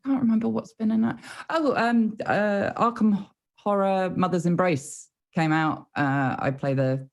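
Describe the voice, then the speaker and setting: Excitable woman gamer chatting after a session, chatty, swears a bit, home mic. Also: mid-range voice, measured pace, gravelly. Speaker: tabletop game player. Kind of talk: casual chat.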